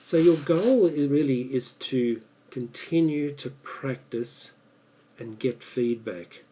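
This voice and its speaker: A man with an Australian accent giving a measured, prepared speech as an English speaking coach. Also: medium pitch, warm tone, low-quality recording. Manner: measured, deliberate delivery.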